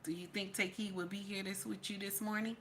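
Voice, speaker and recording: A woman's voice: mid-range voice, fairly even intonation, a little fast, fairly bright tone, a little hiss or hum. A woman hosting a live vlog, speaking emphatically and repeating herself, tearful after crying. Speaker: channel host. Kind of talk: live-stream reaction vlog.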